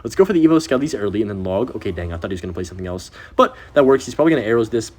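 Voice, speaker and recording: A young man giving excitable gameplay commentary while he plays, talking to himself and to viewers. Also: on the low side, very fast. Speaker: gaming video creator.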